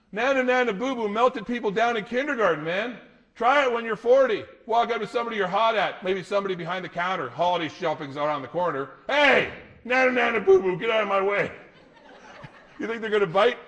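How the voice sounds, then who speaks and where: A middle-aged man speaks to an audience as a motivational speaker, his voice sitting a little high. He tells stories with animation and laughs along with them. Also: fairly quick, a bit bright. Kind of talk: live talk to an audience.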